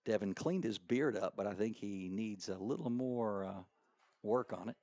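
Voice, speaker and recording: A middle-aged man doing play-by-play commentary for a school soccer match, joking around and bursting into excited high calls. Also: moderate pace. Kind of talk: local sports commentary.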